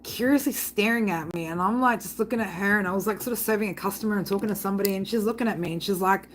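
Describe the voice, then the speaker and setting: Brief: woman, mid-pitch, chatty tarot reader rambling through a story, swears a lot. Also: racing, a little hiss or hum. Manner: rambling, blunt, swears freely, frequent "right?". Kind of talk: casual storytelling to viewers.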